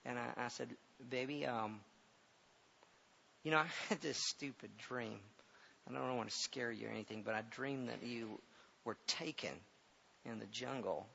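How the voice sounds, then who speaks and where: A middle-aged man preaches with a gravelly, mid-pitched voice. He stumbles and repeats words as he talks, then swells loud and emphatic. The recording is dull and lo-fi, with a faint hiss underneath. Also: moderate pace. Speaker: pastor. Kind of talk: sermon with personal story.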